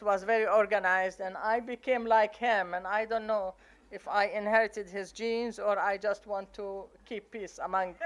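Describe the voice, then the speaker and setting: An older woman from Palestine with an Arabic accent, telling family stories from her memoir with lively, acted-out quotes. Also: mid-range voice. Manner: animated storytelling, acting out family quotes. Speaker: memoir author.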